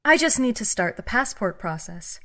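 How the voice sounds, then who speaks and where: An actress playing an eerie, inhuman female customs officer who speaks in a calm, cold, measured and menacing way. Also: a little high, heavily acted. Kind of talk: audio drama acting.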